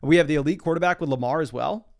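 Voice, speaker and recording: A young man with a slightly high, gravelly voice talks rapid-fire while live-streaming a fantasy football draft from his home desk. He keeps up a chatty flow and reads out comments from the chat.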